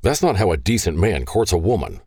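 A furious, protective father barks orders in a deep, growling voice, as a male narrator plays him. The delivery is stern and lively, recorded dry and close. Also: brisk, husky, no room sound, heavily acted.

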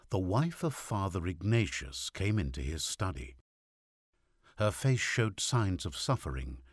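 A man narrating a classic short story as an audiobook, in a measured, expressive reading. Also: deep voice, slightly rough, dry recording, studio quality. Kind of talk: scripted narration.

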